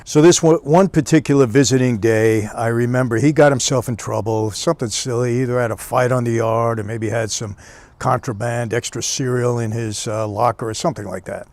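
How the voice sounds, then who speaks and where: A man recounts a personal story in a relaxed, conversational manner, sprinkling in "you know" as he goes. His voice sits in an ordinary middle pitch. The recording is dry and close, with no room sound. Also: fairly quick, dry recording. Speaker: storyteller recounting prison years. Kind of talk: casual spoken storytelling.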